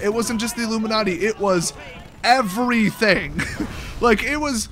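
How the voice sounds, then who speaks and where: A man's voice: very high voice, normal speed. A man hosting a live stream, telling stories in a loose, laughing, casual chat. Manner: laughing, loose and animated storytelling. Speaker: streamer host.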